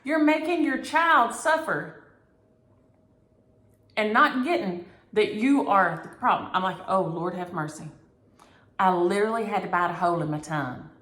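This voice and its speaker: A woman hosting a needlework vlog, telling a story in an animated, exasperated way. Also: medium pitch, normal speed. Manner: animated, exasperated storytelling with Southern turns of phrase. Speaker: flosstube host. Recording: echoey room.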